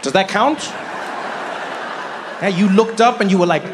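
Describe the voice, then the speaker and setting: A man's voice: high-pitched, measured pace, background noise. A man performing stand-up comedy, telling stories animatedly and speaking to the audience. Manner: animated storytelling, addressing the audience. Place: comedy stage in a large hall. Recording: large hall with live audience.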